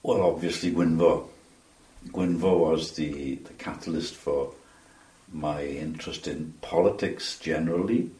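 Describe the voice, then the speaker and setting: A man in his seventies with a Welsh accent, recalling his past in an interview, measured and pausing with frequent ums. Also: extremely low pitch, warm tone. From Wales. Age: 70s. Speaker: interview guest. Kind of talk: reminiscing interview answers. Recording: roomy sound from a distance.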